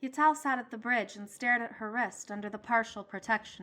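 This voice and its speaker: A woman narrating a science fiction story in a measured, expressive reading voice. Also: on the high side. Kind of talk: scripted audiobook narration.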